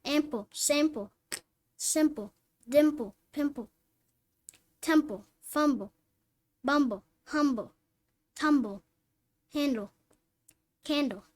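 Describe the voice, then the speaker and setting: Here a high-pitched woman reads phonics material aloud, word lists and practice sentences alike, pausing on each word. Her pace is slow and her speech clear, in the style of a reading teacher.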